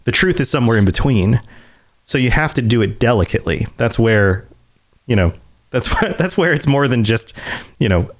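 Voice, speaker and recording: Animated male podcast co-host. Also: mid-range voice, moderate pace. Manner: animated, acts out characters in silly voices, laughs often. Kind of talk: casual podcast chat.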